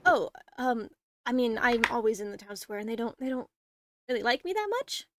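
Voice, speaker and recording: A woman's voice: fairly high pitch, sing-song, moderate pace, background noise. A woman voicing a nervous young boy who answers hesitantly and stammers.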